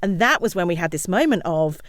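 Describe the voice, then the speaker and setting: A woman, a misinformation researcher, talking as a podcast guest, lively and often acting out other people's words. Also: on the low side, a little fast, no echo, studio quality. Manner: animated, acts out quotes of others. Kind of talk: podcast conversation.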